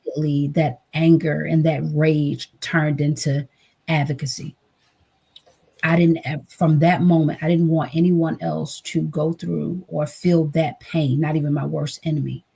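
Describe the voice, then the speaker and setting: A woman's voice: low-pitched, little pitch movement, measured pace, vocal fry, dark tone, slightly rough. A woman guest, a trauma advocate, telling an emotional personal story in an earnest way. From United States. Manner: earnest, acts out quoted voices.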